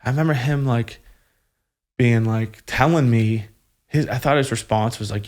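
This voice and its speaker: A young man, a podcast guest candidly telling his personal story, halting and emotional with many fillers and restarts. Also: medium pitch, a little mellow.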